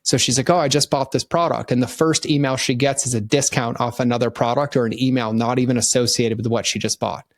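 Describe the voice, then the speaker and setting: A middle-aged man on a podcast, explaining marketing ideas in an animated, conversational way and slipping into quick voices for the customers in his stories. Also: mid-range voice, no echo, clean studio sound. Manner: animated storyteller acting out customers in quoted voices. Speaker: podcast guest, marketing consultant.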